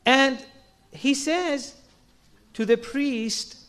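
A man's voice: extremely high pitch, drawn-out words, fairly bright tone, clean tone. A man giving an earnest sermon, asking rhetorical questions and acting out quoted lines. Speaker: religious speaker.

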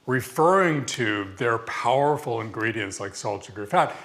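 A man in an interview, recounting events in an unhurried, conversational way with fillers. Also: medium pitch, animated, fairly bright tone. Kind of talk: interview storytelling.

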